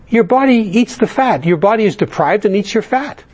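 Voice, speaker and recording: A man with a husky, slightly raised voice leads a recovery workshop in front of a large audience. He talks bluntly and conversationally, often restarting his sentences as he lays out the plan. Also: high-pitched, expressive, brisk, darkish tone. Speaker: workshop speaker. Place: large meeting room.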